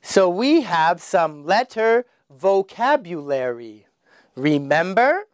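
A man teaching children their letters, slowly sounding out each one with exaggerated emphasis. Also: sits high, big pitch swings, no room sound, studio quality. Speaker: English teacher. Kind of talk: children's phonics lesson.

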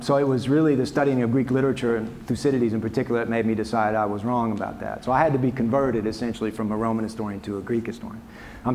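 A man's voice: mid-range voice, a little hiss or hum. A man, a historian, answering audience questions after a lecture in a conversational, wry way, with frequent restarts and asides. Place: lecture hall.

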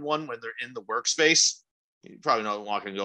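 Bright-voiced young man telling stories. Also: fast. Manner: rambling, profane storytelling with sudden excited jumps in pitch. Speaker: podcast co-host. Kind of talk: casual chat.

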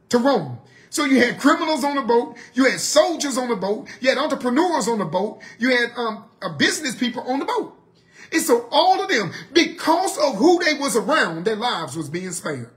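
At an evening Bible study, a man with a very high voice delivers a sermon-like talk full of rhetorical questions, moving back and forth between loud urging and hushed asides.

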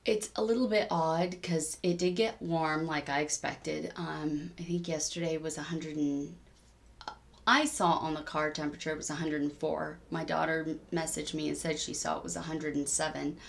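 A woman's voice: low voice, fairly even intonation, moderate pace, vocal fry. A woman chatting in a rambling diary-style crafting vlog, with many ums, sounding a bit tired. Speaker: cross-stitch vlogger.

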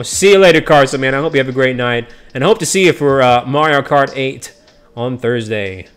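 A man's voice: medium pitch, brisk, fairly bright tone, soft background music. A man streaming online matches with viewers, chatting casually and greeting and teasing them by name. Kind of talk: casual live-stream chat.

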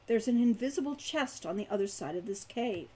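A man's voice: sits high, a little fast, slightly rough, poor audio. A woman reading aloud and voicing an aloof young male spellcaster who speaks icily and scornfully. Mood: cool. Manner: icy, scornful, calm.

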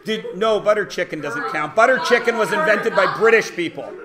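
A man teaches a classroom lesson, and his voice sits a little on the higher side. He is blunt and provocative and talks over his students. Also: a little fast, a loud crowd. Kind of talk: classroom lecture.

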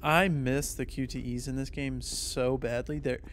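A man commentating casually on a game playthrough, getting excited and yelping at game events. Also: medium pitch, unhurried, a little hiss or hum. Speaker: gaming YouTuber. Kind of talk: let's play commentary.

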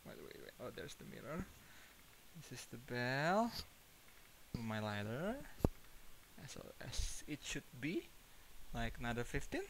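A man's voice: mid-range voice, big pitch swings, measured pace, long pauses, noisy background. A man streaming a horror game, jumpy and nervous, laughing and muttering to himself.

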